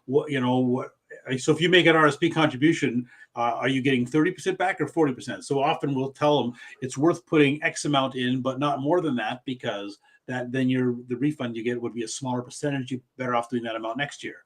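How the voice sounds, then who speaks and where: A man's voice: medium pitch, brisk. A middle-aged financial planner from Canada explaining things casually, often restarting his sentences.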